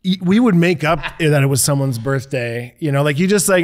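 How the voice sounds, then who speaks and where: Man, podcast guest, higher voice, jokey, playful storyteller. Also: normal speed, few pauses. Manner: jokey, laughs often, acts out scenes. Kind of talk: casual conversation.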